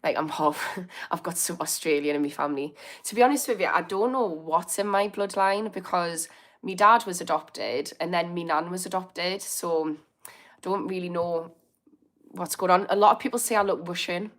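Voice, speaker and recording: This is a woman in her thirties with a Birmingham accent, hosting a casual livestream. She talks close to the mic and reads comments aloud, laughing often and pushing back with amused indignation. Her voice sits fairly low for a woman. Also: moderate pace, fairly bright tone. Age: 30s. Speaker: recovery coach hosting a livestream.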